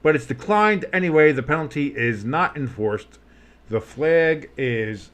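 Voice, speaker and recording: A man with a deep, bassy voice doing casual, joking play-by-play commentary of a game, swinging from murmured asides to loud outbursts. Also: animated, unhurried. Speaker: play-by-play host.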